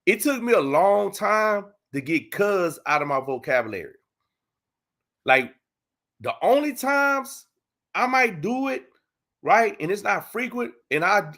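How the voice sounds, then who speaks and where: Man, Texas accent, gravelly, livestream host, casual slang-heavy chat. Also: high voice, pushed and bright. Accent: Texan. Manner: loose street slang, lots of "you know what I'm saying".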